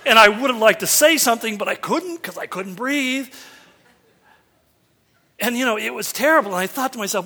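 A man's voice: very high-pitched, lively intonation, moderate pace, long pauses, bright, forceful tone. A middle-aged man preaching a sermon, telling folksy, self-deprecating stories. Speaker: pastor. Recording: long hall reverb.

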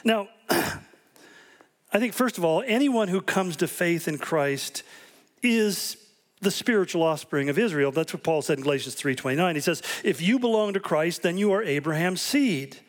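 A man's voice: high-pitched, expressive, normal speed. A man preaching a sermon, telling stories and acting out quoted voices with animation. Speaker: pastor.

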